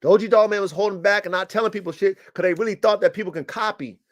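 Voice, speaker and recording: A man with a fairly high voice hosts a livestream podcast. He is boastful and confrontational, and he hammers his points with emphatic slang. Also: fast. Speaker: podcast host and dog breeder. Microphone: streaming setup.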